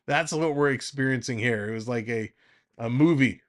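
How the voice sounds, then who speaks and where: A man doing casual live play-by-play for a fan stream, chatting off-topic between pitches and laughing often. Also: moderate pace.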